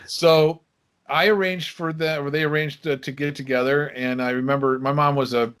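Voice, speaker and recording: Speaking at normal speed in a fairly high, smooth voice, a Michigan man in his sixties tells stories casually as a podcast guest. He brings the characters to life by performing their quoted lines.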